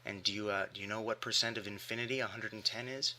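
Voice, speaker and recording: A man's voice: lowish voice, fairly even intonation, fast, pushed and bright, a little hiss or hum. A man delivering an argumentative rebuttal monologue with emphatic rhetorical questions. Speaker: atheist commentator.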